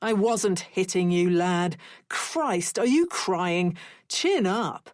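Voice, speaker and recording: A woman's voice: fairly low pitch, lively intonation, takes it slowly, dry recording, clean studio sound. A woman voicing a brusque father who brushes off blame and turns defensive. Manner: brusque, dismissive. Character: gruff British father, dismissive and defensive.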